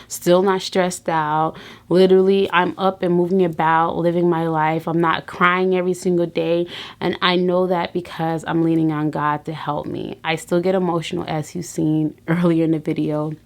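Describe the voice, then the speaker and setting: Woman, 30s, vlogger; low, gravelly voice, earnest and encouraging, faith-driven, loose restarts. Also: little pitch movement, moderate pace. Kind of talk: personal vlog talk.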